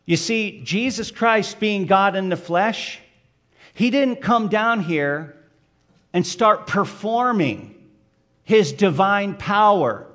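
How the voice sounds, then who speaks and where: A man's voice: sits high, fairly bright tone. A man preaching a sermon, addressing the listeners directly with questions and building emphasis on key points. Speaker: pastor.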